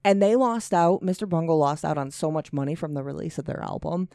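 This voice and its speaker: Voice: mid-range voice, fairly quick, creaky, warm tone, dry recording, studio quality. A podcast co-host chatting casually, ranting with strong opinions, swearing, and reading articles aloud.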